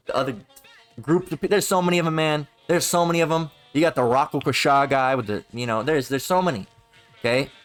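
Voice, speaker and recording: A man preaching off the cuff, rambling and full of profanity as he drifts between scripture and mockery. He often breaks into exaggerated voices to ridicule people, and a faint music track plays underneath. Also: mid-range voice. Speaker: street preacher. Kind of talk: informal preaching monologue.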